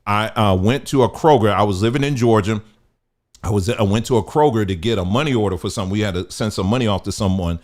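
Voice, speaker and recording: A man's voice: fairly low pitch, quick pace. A man hosting a podcast, giving emphatic, preachy advice in a casual monologue. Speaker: podcast host.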